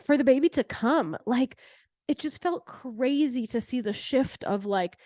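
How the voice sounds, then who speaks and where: A young adult woman hosting a podcast, telling a personal story in a chatty, animated way with many "like" fillers. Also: sits high, a little slow, no room sound, clean studio sound. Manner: chatty, heavy use of "like" fillers; animated retelling with laughter. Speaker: podcast host.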